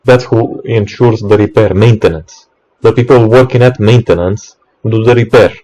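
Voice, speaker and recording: A man's voice: on the low side, normal speed, warm tone, low-quality recording. A man, an electrician, in an exasperated ranting monologue, swearing often and stumbling over restarts.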